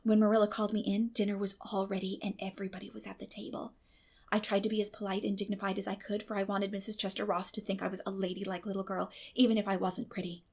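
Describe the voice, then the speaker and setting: A woman reading an audiobook, voicing an imaginative, chatty young girl who tells her tale in a theatrical, breathless way with hushed whispers. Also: medium pitch, level tone, fast talker, natural voice. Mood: breathless confiding. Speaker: audiobook reader.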